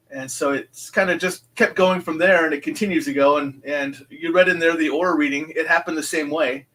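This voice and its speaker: A man in his fifties with a slightly high voice, talking as an interview guest. He rambles through stories, stops and restarts, and fills pauses with ums. He acts out both sides of past conversations as he tells them. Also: steady tone, a bit bright, low-quality recording. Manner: rambling, re-enacts dialogue, many fillers and restarts. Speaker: guest, psychic medium. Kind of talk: casual interview storytelling.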